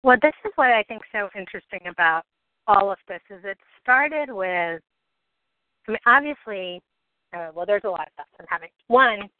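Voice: mid-range voice, animated, moderate pace, no echo. A podcast host musing thoughtfully about purpose and service in a conversation. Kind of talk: reflective conversation. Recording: dry phone-like audio.

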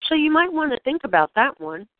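Lady doing soft spiritual guidance, asks lots of gentle questions, sounds like it's thru a phone. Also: high voice, very animated, no room sound. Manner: gentle, questioning, unhurried prompts. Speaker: spiritual guide. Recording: dry, tinny phone-like sound.

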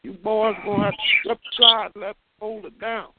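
A man's voice: high-pitched, level tone, a little fast. A man with an East Texas accent, a chat line caller arguing emphatically and lecturing, often repeating himself. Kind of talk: heated phone argument. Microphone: telephone. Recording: tinny phone line with static.

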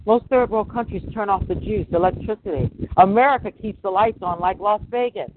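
A man's voice: high-pitched, brisk, background noise. A middle-aged man, a podcast host, giving a preachy religious monologue full of rhetorical questions. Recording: dry, tinny phone-line sound.

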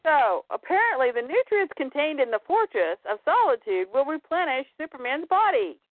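Animated woman recapping comics over a tinny line. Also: high-pitched, no echo. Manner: animated, acts out lines of characters in quick voices. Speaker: comic book podcast co-host. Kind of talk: casual chat recapping comics. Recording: tinny phone-like dry sound.

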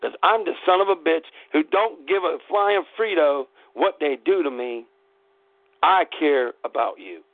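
A man's voice: on the high side, expressive, unhurried, dry recording. A man hosting an internet radio show, delivering a fired-up, profane political rant in angry bursts. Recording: tinny phone-line audio, dry.

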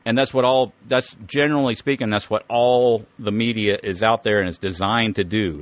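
A man's voice: lowish voice, no room sound. Rambling, profane man, dry close mic. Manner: rambling, profane, stammers and repeats words. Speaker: podcast host. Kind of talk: casual monologue.

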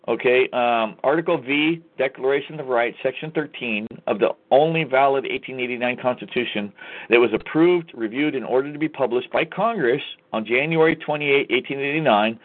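A man hosts his own show in an angry, profane, hammering rant aimed straight at his listeners. His voice sits in an ordinary middle pitch. The sound is thin and tinny, like a phone line. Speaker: host. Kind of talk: ranting call-to-action monologue.

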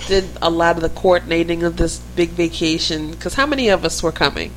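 A woman's voice: fairly low pitch, a little fast, slight background noise, low-quality recording. A woman from the Philadelphia–New Jersey area co-hosting a podcast, chatting casually and speaking straight to her listeners. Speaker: podcast co-host. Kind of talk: casual chat.

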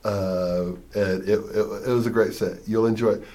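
A man's voice: on the low side, fairly even intonation, normal speed, dark tone. A man hosting a show in a studio, talking casually and rambling before he plays a clip. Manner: rambling, loose, laughs easily. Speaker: show host.

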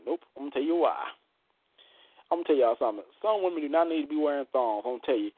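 A man's voice: on the high side, expressive, rapid-fire, dry recording. Bawdy joking man hosting over a tinny line. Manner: bawdy, joking, plays out voices of others. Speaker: show host. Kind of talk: casual radio show talk. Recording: tinny phone-line sound, dry.

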